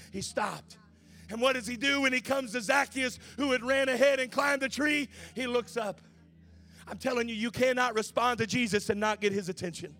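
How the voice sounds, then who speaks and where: A male pastor preaching a sermon, swinging from shouted, sing-song preaching to quiet, conversational asides. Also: very high voice.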